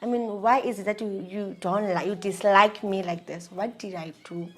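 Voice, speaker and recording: A woman with a South African accent, a vlogger candidly telling a personal story in a slangy, animated way. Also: medium pitch, normal speed.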